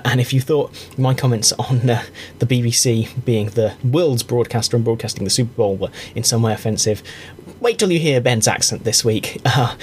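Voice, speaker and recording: A man's voice: medium pitch, a little hiss or hum. A man from Britain hosting a podcast, speaking earnestly and rambling a little with asides. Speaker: podcast host. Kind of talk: casual podcast chat.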